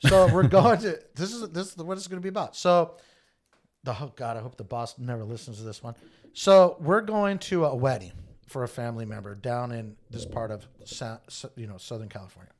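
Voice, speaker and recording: Man, casual podcast guest, animated, lively pitch, swears a lot, small garage room. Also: fairly quick. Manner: animated storyteller, heavy swearing. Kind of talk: casual chat. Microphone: portable podcast mic.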